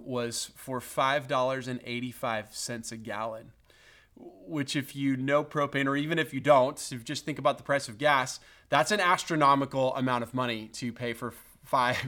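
A man's voice: medium pitch, normal speed. Man preaching a sermon, storytelling. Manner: storytelling, animated and rising when building up. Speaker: pastor.

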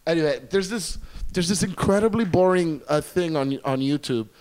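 Guy co-hosting a podcast, kinda high voice, rambly and animated, swears a lot. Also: normal speed, crowd noise. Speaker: podcast co-host. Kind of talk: casual chat.

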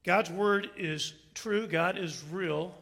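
A man's voice: high voice, takes it slowly, vocal fry, a bit bright. A man preaching a sermon, opening with a joke and then speaking in an earnest, emphatic way. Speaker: pastor.

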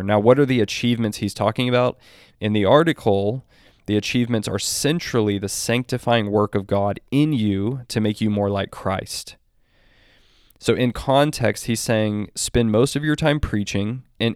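Measured low-voiced man reviewing an article. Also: darkish tone, no room sound, clean studio sound. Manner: deliberate, quotes text at length with restarts. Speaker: Christian commentator. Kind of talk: spoken commentary on an article.

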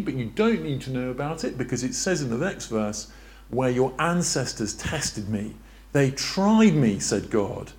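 A man preaching a sermon in a church, lively and questioning, drawing on a board as he talks. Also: on the high side. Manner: lively, asks the congregation questions, draws on a board.

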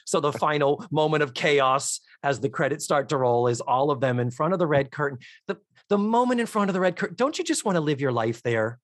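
A man co-hosting a podcast in casual chat, enthusiastic and animated, swearing freely. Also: on the high side, fairly quick, few pauses, dry recording, studio quality. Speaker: podcast co-host.

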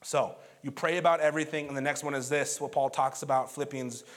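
A pastor preaching a conversational sermon, telling a personal story and moving between loud emphatic lines and quiet hushed ones. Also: male voice, mid-range voice, fairly even intonation, quick pace.

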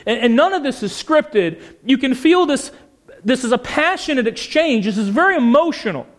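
Male preacher, very high register, emphatic and passionate, questions the congregation. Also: sing-song, moderate pace. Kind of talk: sermon.

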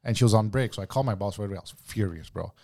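A man's voice: fairly low pitch, rapid-fire, vocal fry, mellow. Profane man telling a heated story. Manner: acts out both sides of arguments. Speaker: guest telling a work story. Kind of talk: casual podcast chat.

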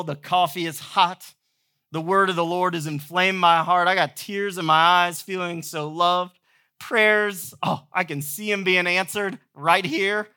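A man's voice: high-pitched, bright, forceful tone. A man in his thirties preaching a sermon as pastor, telling stories in a playful, humorous way. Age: 30s.

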